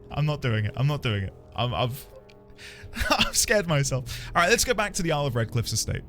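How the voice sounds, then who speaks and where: A man's voice: mid-range voice, very animated, moderate pace, fairly bright tone. A man streaming a game, chatting casually in a playful, rambling, self-mocking way. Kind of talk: casual gameplay commentary. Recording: game music behind.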